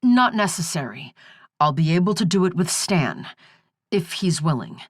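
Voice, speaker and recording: A woman plays a determined archaeologist, crisp and businesslike. Her voice sits slightly higher than the narration, with lively pitch and dry, close sound. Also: moderate pace, no room sound.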